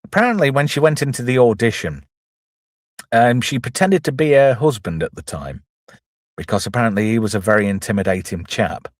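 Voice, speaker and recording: A film reviewer and channel host casually recaps a comedy movie scene by scene, chatty and full of self-deprecating asides. His mid-range voice is animated and a little fast, recorded in clean studio sound with no room noise.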